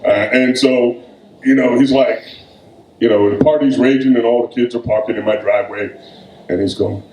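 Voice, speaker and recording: A man, a poet reading his work at a live event, with slow, weighty delivery and loose conversational storytelling between poems. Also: mid-range voice, noisy background. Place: event room. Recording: echoey room.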